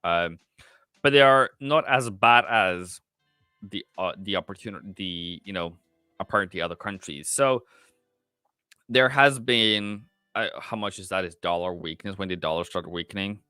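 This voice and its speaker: A man's voice: low-pitched, normal speed, sharp tone, clean tone, no room sound, clean studio sound, soft background music. A man hosting a live trading stream, thinking aloud with many fillers and answering the chat in casual commentary. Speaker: livestream forex trader and host.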